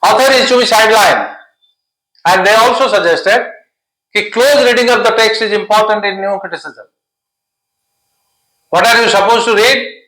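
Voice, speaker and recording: A man's voice: high voice, moderate pace, pauses often, pushed and bright, echoey room, low-quality recording. A man teaching literature for an exam-prep lesson, explaining patiently and stringing synonyms together. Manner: repetitive, listing synonyms, explanatory.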